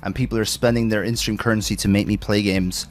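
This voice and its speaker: A man's voice: fairly low pitch, steady tone, fast talker. A man hosting a casual gaming podcast, rambling through stories, laughing often and swearing casually. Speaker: streamer host.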